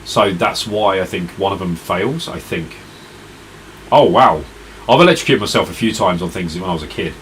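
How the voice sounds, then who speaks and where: Man, very deep voice, tired, rambling stream chat, faint air conditioning hum. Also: lively intonation, moderate pace, poor audio. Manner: rambling, chatty, talks to viewers in chat. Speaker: retro gaming live streamer. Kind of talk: casual live-stream chat.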